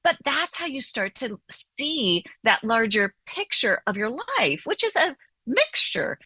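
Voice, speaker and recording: A woman's voice: a little high, big pitch swings, measured pace, sharp tone, husky, no room sound. A woman therapist and author being interviewed on the radio, explaining animatedly and often checking in with "right?".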